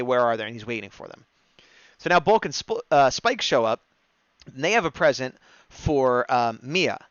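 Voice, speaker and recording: A man co-hosting a fan discussion show, excitedly rambling through an episode recap and acting out quoted lines. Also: medium pitch, clean tone, no room sound. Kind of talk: casual recap chat, livestream. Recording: dull, dry, lo-fi stream mic.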